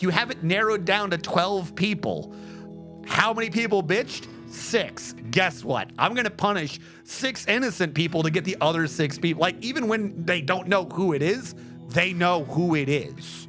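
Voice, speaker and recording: A man's voice: sits high, fairly bright tone. A man streaming a game, chatting in a casual, profane rant and explaining things step by step.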